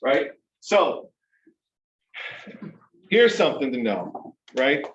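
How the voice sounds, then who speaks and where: A man's voice: mid-range voice, sing-song, extremely slow, fairly bright tone, slight background noise. A man speaking to a small group in a meeting room, telling a story casually and animatedly, often checking in with "right?" and "okay?". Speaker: mastermind speaker. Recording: roomy, distant, dull-sounding room recording.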